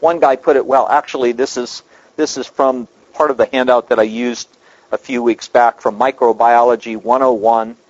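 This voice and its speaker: A man's voice: mid-range voice, fairly even intonation, moderate pace, darkish tone, highs cut off. A man preaching a sermon, emphatic, asking rhetorical questions and repeating his key points.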